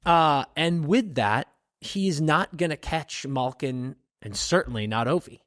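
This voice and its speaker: A man co-hosting a podcast, chatting casually and profanely, tossing out rambling, animated opinions. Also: on the high side, unhurried, no room sound, studio quality. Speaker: podcast co-host. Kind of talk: casual sports chat.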